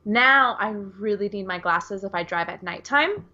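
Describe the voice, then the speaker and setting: American woman podcast co-host, bright clear voice, chatty and rambly, kinda dull audio. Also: medium pitch, lively intonation, unhurried. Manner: chatty, rambling with many fillers. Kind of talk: casual chat.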